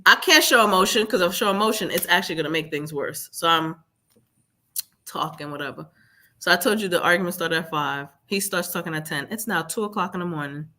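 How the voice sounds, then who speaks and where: A woman guest telling her own story in a live interview, animated and acting out what others said. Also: on the low side, brisk.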